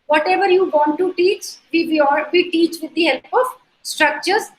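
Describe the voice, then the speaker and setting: A woman's voice: extremely high pitch, moderate pace. A woman with an Indian accent teaching an online lecture over a video call, explaining through repeated examples and checking that students follow. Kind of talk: online lecture mixing in Hindi. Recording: echoey room.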